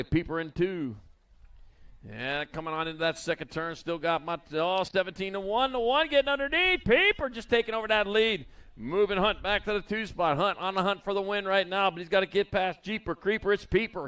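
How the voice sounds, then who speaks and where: A man announcing BMX races live at an outdoor track, calling the riders with playful nicknames in a quick, folksy manner. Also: high voice, bright, forceful tone, smooth. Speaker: race announcer. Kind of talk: live race commentary.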